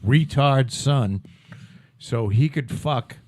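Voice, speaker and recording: A man's voice: medium pitch, slow, darkish tone. A man co-hosting a podcast, ranting about politics in crude, profane banter. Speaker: podcast co-host.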